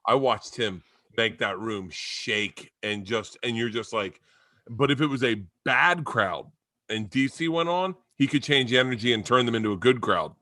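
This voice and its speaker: A comedian recalling past gigs in a loose, profane podcast chat. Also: male voice, medium pitch, animated, moderate pace, sharp tone, no echo, studio quality.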